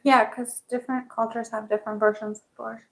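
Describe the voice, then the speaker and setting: A woman's voice: fairly high pitch, level tone, brisk, creaky, low-quality recording. A woman joining a casual livestream chat, chiming in with brief remarks from beside the host. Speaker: co-host off to the side.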